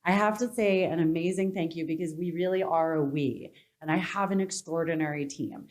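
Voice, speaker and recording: A woman's voice: fairly low pitch, fairly quick, a little mellow. A woman hosting a live event, giving emotional, gushing thanks in her closing remarks. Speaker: event host. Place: conference hall with an audience.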